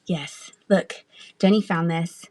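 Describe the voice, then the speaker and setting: A woman's voice: lowish voice, slow, a little mellow, dry recording. Woman selling stuff on a live stream, chatty, giggly, talks to chat, dry sound. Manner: chatty, laughs often, answers chat aloud. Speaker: online live-auction seller.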